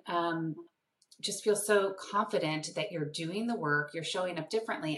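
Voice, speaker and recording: A woman parenting coach answering interview questions in a lively way, acting out the voices in her stories. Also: low voice. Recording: echoey room, distant mic.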